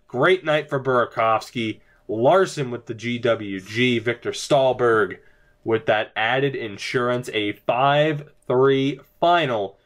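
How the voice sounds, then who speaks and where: A young man commentating his own hockey video game, mostly deadpan and low-key, with sudden bursts of disbelief. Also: takes it slowly. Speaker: gaming commentator. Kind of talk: casual let's-play commentary. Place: home room early in the morning.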